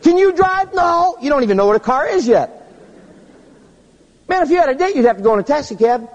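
In a large hall with dull audio, a man delivers a humorous sermon, telling stories animatedly at a fairly quick pace and leaping into squeaky high tones for effect.

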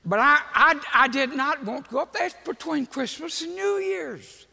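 An older man, preaching as a folksy, animated storyteller who laughs at his own jokes. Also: extremely high pitch, normal speed, creaky. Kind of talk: storytelling sermon. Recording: echoey hall with long reverb.

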